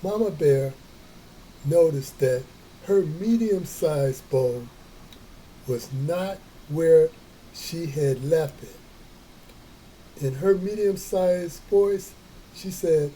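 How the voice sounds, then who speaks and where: A man reading a children's story aloud, slow and folksy, with playful chatty asides. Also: fairly high pitch, mellow, slight background noise, poor audio. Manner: slow, folksy, adds playful comments to listeners.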